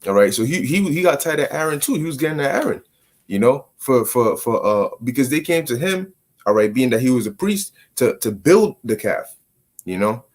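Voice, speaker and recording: A man's voice: mid-range voice, moderate pace. Slangy, stammering man explaining scripture. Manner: slangy, stammering repetitions, animated. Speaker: bible study teacher. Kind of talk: casual scripture commentary.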